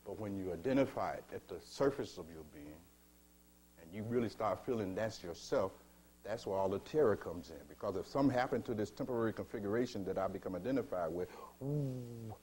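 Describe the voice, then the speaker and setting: A man giving a spiritual teaching talk, slow and measured, asking his listeners rhetorical questions and calling them beloved. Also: lowish voice, expressive, a little mellow, breathy edge.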